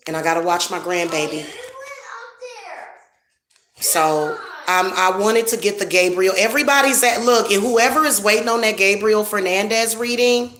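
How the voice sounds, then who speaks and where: A woman's voice: fairly low pitch, a bit bright. A middle-aged woman, a spiritual reader, ranting casually and profanely about her irritations to her viewers. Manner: irritated, profane, emphatic venting. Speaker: spiritual reader and channel host. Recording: echoey room with faint noise.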